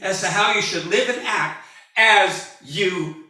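This is a slow, animated sermon from a man in his early sixties who pastors a church. His high, very bright voice rings out through a reverberant hall, far from the mic, as he tells jokes and climbs toward shouts.

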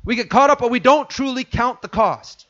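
A man preaching a sermon as a pastor, who acts out the inner voices of his listeners and drops to a hush for them. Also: very high voice, moderate pace, lo-fi sound.

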